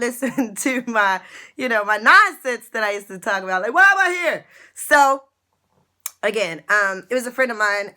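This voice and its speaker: A middle-aged woman with a bright, tense voice sitting a little high, telling her own story straight to the viewer. She talks earnestly and repeats phrases for emphasis in an emotional testimony. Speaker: online business vlogger.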